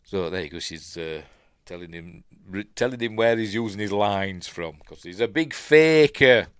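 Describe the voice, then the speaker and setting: Yorkshire guy rambling thru a movie recap, lotsa ums, lowish voice, dry mic. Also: animated, moderate pace, clear, resonant tone, no echo. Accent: Yorkshire English. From Yorkshire, England. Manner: rambling, chatty, lots of ums and uhs; mimics quoted characters playfully. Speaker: film review host. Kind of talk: casual film watch-along commentary.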